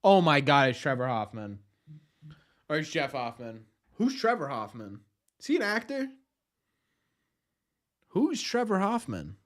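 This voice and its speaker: Young male streamer host, excitable and self-deprecating, lively pitch swings. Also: a little slow, pauses often. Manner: excitable, self-mocking banter with chat. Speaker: livestream host. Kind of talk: casual live watch-party chat.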